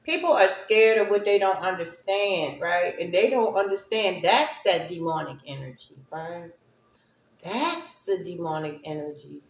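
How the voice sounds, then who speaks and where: A woman's voice: lowish voice, unhurried, a little hiss or hum. A woman giving a casual spiritual monologue to her stream viewers, rambling and often asking "right?" to check in with them. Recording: echoey room.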